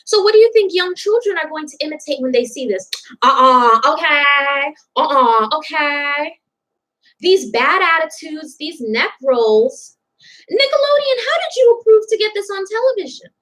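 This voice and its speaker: A woman's voice: very high-pitched, very animated, fairly quick, few pauses, poor audio. A young woman commenting on a TV clip in a reaction vlog, outspoken and indignant, stressing her points with emphasis.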